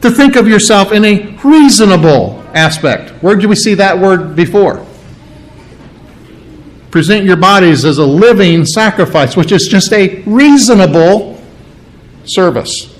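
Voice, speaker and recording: A man's voice: high voice, very animated, measured pace, low-quality recording. A man preaching an expository sermon, working through word meanings step by step and stressing the key words.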